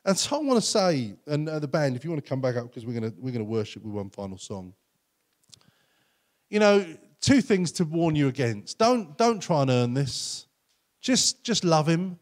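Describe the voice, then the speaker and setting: A man preaching a sermon as pastor, earnest and conversational, often acting out quotes in lively voices. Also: fairly high pitch, moderate pace.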